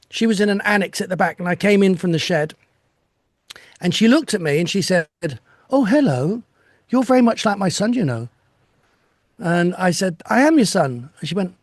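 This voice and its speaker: Older guy, pretty high voice, dry close sound, chatting from home, laughs a lot, restarts lines. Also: no echo. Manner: reflective, with self-deprecating laughs and restarts. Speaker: interview guest. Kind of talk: casual chat.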